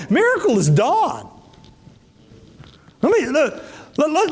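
Animated high-voiced male preacher in a hall. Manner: emphatic, repetitive preaching with sudden pitch jumps. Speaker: bishop preaching. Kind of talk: sermon.

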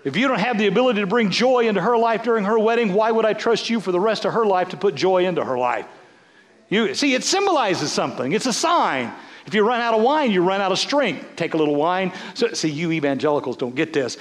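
A man in his fifties, a bishop preaching a sermon in a playful, animated way, swinging between loud bursts and hushed asides. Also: high-pitched, a little fast. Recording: long reverb of a large hall.

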